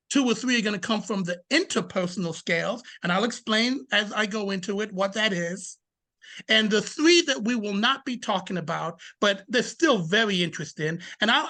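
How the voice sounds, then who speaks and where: A man's voice: high-pitched, bright, forceful tone. A man presenting a workshop for fathers, speaking with emphasis, asking rhetorical questions and repeating key points. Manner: shifts into anecdotes, sometimes restarts words.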